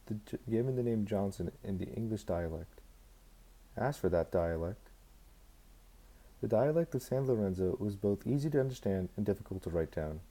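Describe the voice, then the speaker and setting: A man's voice: lowish voice, warm tone, husky, rough recording. A man reading a novel aloud as a fan, unpolished, stumbling over words and restarting lines. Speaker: amateur audiobook reader.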